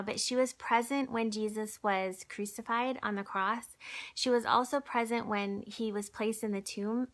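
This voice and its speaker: A woman giving a gentle, conversational devotional talk and reading aloud from a book for a recorded church video, with many fillers and restarts, sometimes dropping to a soft whisper. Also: medium pitch. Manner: drops to a soft whisper at times.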